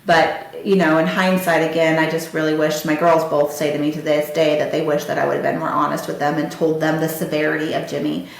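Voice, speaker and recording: A woman's voice: low voice, little pitch movement, fairly quick, creaky, hardly any pauses. Candid woman in a very echoey room. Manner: candid and heartfelt, talking straight to listeners. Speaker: podcast host. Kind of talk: personal storytelling.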